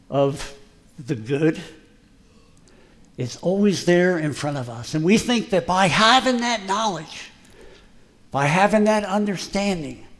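With a slightly high, somewhat bright voice, a man delivers a folksy, emphatic sermon, poking fun at himself as a plain working guy. A long hall reverb surrounds the recording.

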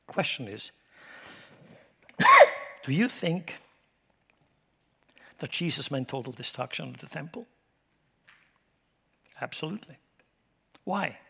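A man preaching a sermon who speaks emphatically, swinging his loudness up and down and asking his congregation rhetorical questions. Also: a little high, expressive, takes it slowly, gravelly, pauses often, breathy edge. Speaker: pastor. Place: church sanctuary. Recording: long hall reverb.

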